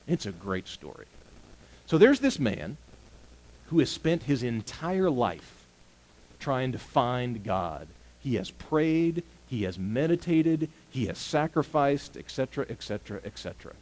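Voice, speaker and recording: Animated male preacher with a lively voice. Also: mid-range voice, measured pace, poor audio. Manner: animated storytelling, moving between loud and hushed. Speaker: pastor. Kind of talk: sermon.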